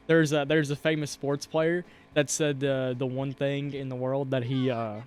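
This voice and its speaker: A man's voice: mid-range voice, flat delivery, normal speed, few pauses, darkish tone, clean tone. A young man co-hosting a casual gaming podcast, rambling and jokey, laughing often. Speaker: podcast co-host.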